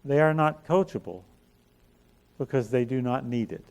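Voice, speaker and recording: A man's voice: mid-range voice, normal speed, darkish tone. Folksy man giving a conference talk. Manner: folksy storytelling, self-deprecating jokes. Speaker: speaker at a chiropractic business conference. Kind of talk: motivational talk to a live audience. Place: conference stage.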